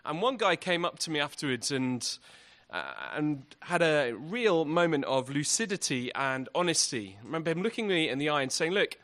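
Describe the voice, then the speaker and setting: A man's voice: on the high side, lively intonation, moderate pace, hardly any pauses, fairly bright tone. A man giving an evangelistic talk at a university event, earnest and full of rhetorical questions. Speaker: guest speaker.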